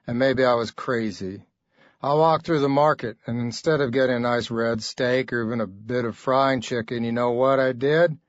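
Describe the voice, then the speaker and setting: A man's voice: medium pitch, no echo, highs cut off. A man reading an audiobook as its narrator, in a laconic, dry delivery. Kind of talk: scripted narration.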